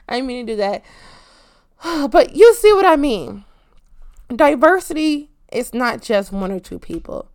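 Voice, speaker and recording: A woman delivers an impassioned, profanity-laced rant as a show host. Her slightly high voice leaps even higher when she's angry, then drops low and quiet when she turns sarcastic. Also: moderate pace. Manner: heated, profane, swings loud and pitch-jumping.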